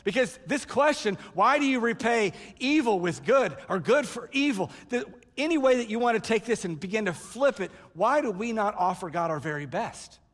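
A man preaches with a high voice and an animated storytelling manner, acting out the voices in the story. His sermon rings with the long reverb of a large hall. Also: moderate pace. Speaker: pastor.

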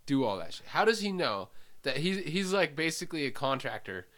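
Young man, podcast co-host, crude rambling storyteller, animated lively pitch. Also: fairly quick. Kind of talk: casual chat.

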